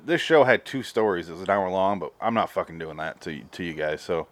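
A man's voice: low-pitched, a little fast, dry recording. A man hosting a podcast in casual, rambling, profane chat. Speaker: podcast host.

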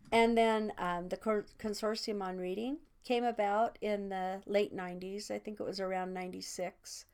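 A woman's voice: medium pitch, smooth. A woman in her sixties, a kindergarten teacher, chatting casually and laughing often between thoughts. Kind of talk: casual conversation.

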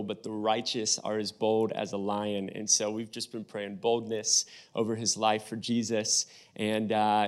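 A man's voice: mid-range voice, a bit bright. Young man joking from the pulpit. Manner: friendly joking banter with congregation. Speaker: guest preacher. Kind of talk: sermon. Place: church sanctuary.

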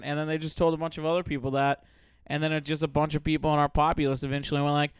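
A man's voice: fairly high pitch, steady tone, quick pace, clear, resonant tone, no room sound. A man hosting a podcast in casual chat, tossing in offhand jokes. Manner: joking, offhand, drawling asides. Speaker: podcast host.

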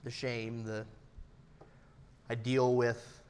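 A man in his thirties preaching an earnest, personal sermon, his loudness rising and falling for emphasis. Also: mid-range voice, level tone, very slow, clean tone. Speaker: pastor.

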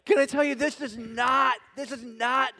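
Pastor guy preaching, fairly high voice, jokey and animated, asks the crowd lots of questions, long echo like a big church hall. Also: normal speed. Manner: animated, humorous, conversational preaching with rhetorical questions. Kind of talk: sermon.

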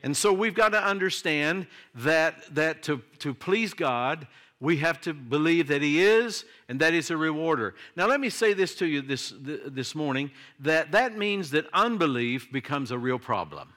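A man's voice: on the high side, lively intonation, normal speed, fairly bright tone. An older man, a pastor delivering a sermon in a conversational style that swings into emphatic declarations.

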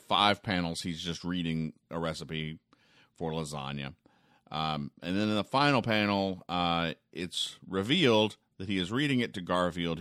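A man with a very low, deep voice rambles through the weekend funnies with a dry, sarcastic wit. He trips over his words and leans on fillers as he goes. The sound is close and dry, with no room around it. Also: fairly bright tone, no room sound. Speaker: comics reviewer. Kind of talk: casual spoken commentary.

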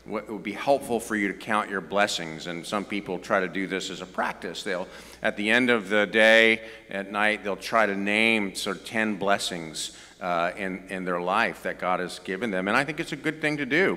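A man's voice: on the low side, pushed and bright, big-room sound. A middle-aged man with a Southern US accent, preaching a conversational sermon with joking asides. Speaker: pastor.

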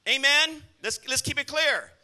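A man's voice: extremely high pitch, normal speed, sharp tone. A male pastor preaching a sermon in a church, blunt and scolding, often calling out to the congregation for an "amen.".

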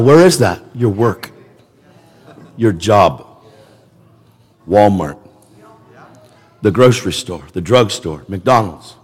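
A man's voice: lowish voice, animated, takes it slowly, pauses often, husky. A man preaching a sermon in an emphatic, conversational way, repeating words for emphasis. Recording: long reverb of a large hall.

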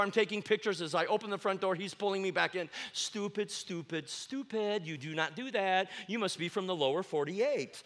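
A man preaching a sermon in a church, with a high, bright voice. He tells animated stories, bursts into loud exclamations and quizzes the congregation with questions. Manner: asks the congregation questions and pauses for answers. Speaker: guest preacher. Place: church sanctuary.

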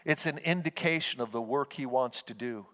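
A man's voice: medium pitch, normal speed, fairly bright tone. Earnest preaching man in a reverberant hall. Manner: folksy storytelling, earnest and exhorting. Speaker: pastor. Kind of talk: sermon.

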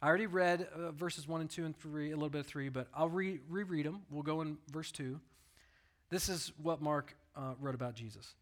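A man with a bright, slightly high voice, preaching in an animated way. He tells the story the way he would talk, swings between loud and hushed, and voices the people in it. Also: a little fast. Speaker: pastor. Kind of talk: sermon.

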